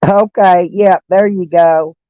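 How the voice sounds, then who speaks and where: A middle-aged man talks to his livestream viewers in a high, light voice, drifting from one topic to the next and breaking into laughter along the way. His speech is loose and full of fillers, and the sound is dry and close, with no room echo. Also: steady tone, slow pace, mellow, dull audio. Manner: rambling and chatty, laughing often, many fillers. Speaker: live streamer. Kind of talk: casual livestream chat with viewers.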